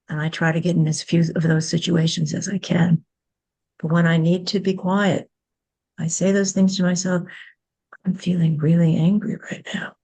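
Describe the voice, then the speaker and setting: A woman's voice: fairly low pitch, darkish tone. A woman hosting a candid podcast, speaking earnestly and reflectively, often restarting and repeating her words. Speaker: podcast host.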